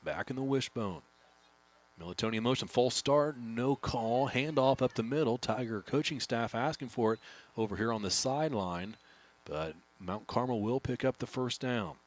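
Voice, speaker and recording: A man calling high school football play-by-play, steady and picking up speed on big plays. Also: normal speed. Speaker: play-by-play announcer. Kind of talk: play-by-play commentary.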